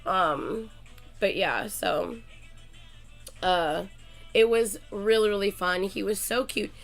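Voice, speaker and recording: Girl streaming, kinda sick and coughy, super excitable, raspy fry in her voice. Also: medium pitch, takes it slowly, faint music behind. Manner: excitable, gushing, reads chat names aloud. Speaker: streamer chatting with viewers. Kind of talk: casual livestream chat.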